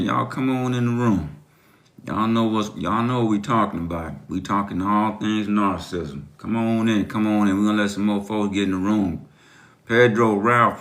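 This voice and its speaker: A man's voice: lowish voice, a bit bright. A middle-aged man, hosting a casual livestream as a life coach, welcoming viewers by name and repeating phrases like a preacher.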